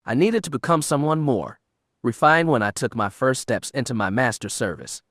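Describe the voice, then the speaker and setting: A man's voice: mid-range voice, animated, moderate pace, fairly bright tone, no room sound, natural voice. A haughty young Sith woman with a refined, cold and clipped delivery, as a male narrator puts her on. Her voice sits in a middling register. The audiobook recording is dry and close. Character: haughty young female Sith apprentice, bitter. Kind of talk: audiobook reading.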